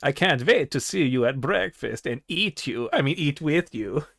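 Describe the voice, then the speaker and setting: A man's voice: medium pitch, animated, normal speed, creaky, fairly bright tone, no echo. A man voicing a creepy, vampire-like male innkeeper with a theatrical foreign-sounding accent. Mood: sinister.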